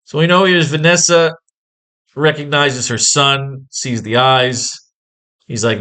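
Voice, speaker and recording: A man's voice: a little high, measured pace, pushed and bright, clear, resonant tone. A man teaching comic book writing in a casual online lesson, talking in a profane, rambling, exasperated way.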